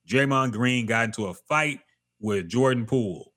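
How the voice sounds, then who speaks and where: A man's voice: medium pitch, moderate pace, a bit bright. A man co-hosting a casual podcast, reacting to trailers and sports news with blunt, profane commentary. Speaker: podcast co-host.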